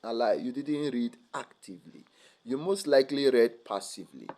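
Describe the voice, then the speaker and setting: A young man speaking at a student seminar, lively and teasing, often checking whether the audience follows. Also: medium pitch, moderate pace. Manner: lively, teasing, asks the audience rhetorical questions. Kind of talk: motivational academic seminar talk.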